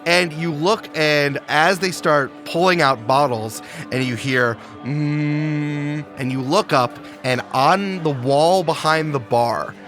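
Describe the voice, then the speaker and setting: A man's voice: a little high, slow pace, a bit bright, soft background music. A man narrating a tabletop role-playing game as game master, playful and laughing often.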